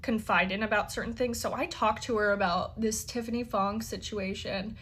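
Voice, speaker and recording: A woman's voice: mid-range voice, fairly even intonation, moderate pace, fairly bright tone, breathy edge. A woman telling a personal story casually, full of "like" fillers and freely swearing. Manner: chatty, heavy use of "like" fillers, swears freely. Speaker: interview guest.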